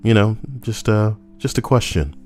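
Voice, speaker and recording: A man's voice: lowish voice, lively intonation, normal speed, a little mellow, soft background music. A young man hosting a casual commentary video, rambling, cursing and joking, and sometimes arguing with himself. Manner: rambling, profane, jokey, talks to himself. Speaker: channel host.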